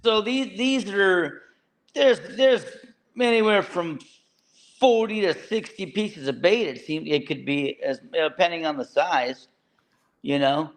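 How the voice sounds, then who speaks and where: A man's voice: high voice, slow. A man, a fishing boat captain, talking plainly in an interview and often repeating words as he goes. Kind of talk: casual interview.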